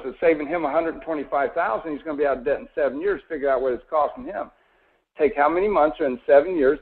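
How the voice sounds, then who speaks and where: A man in his forties giving a folksy, persuasive mortgage sales talk on a conference call, often asking his listeners questions. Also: medium pitch. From Florida. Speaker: mortgage presenter. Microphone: phone or conference call line. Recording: tinny phone-line audio.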